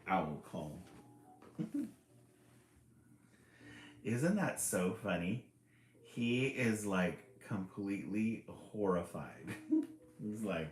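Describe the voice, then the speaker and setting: A man's voice: lowish voice, big pitch swings, takes it slowly, long pauses. A man reading a children's book aloud on a live stream, chuckling often and chatting about the pictures. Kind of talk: live read-aloud with commentary. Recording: echoey room with faint ambience.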